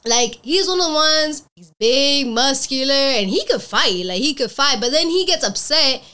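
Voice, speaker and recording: A young woman with a high, bright voice tells stories on a podcast. She jumps between her own voice and the people she quotes, laughing as she goes. Her pitch leaps all over the place. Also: normal speed. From Cuban family background. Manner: animated storyteller, acting out quotes, laughing often. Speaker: podcast guest. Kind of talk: casual chat.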